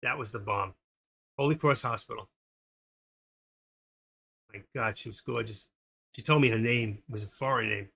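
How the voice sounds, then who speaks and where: A man's voice: mid-range voice, moderate pace, vocal fry, long pauses, pushed and bright, husky. A middle-aged man hosting a live stream, chatting casually and telling jokes in a rambling way, laughing at his own punchlines.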